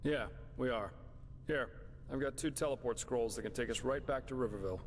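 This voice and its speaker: An actor voicing a gruff adventuring male companion in video game dialogue, speaking in a plain, matter-of-fact way. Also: mid-range voice, a little fast, slight background noise, close to an everyday voice.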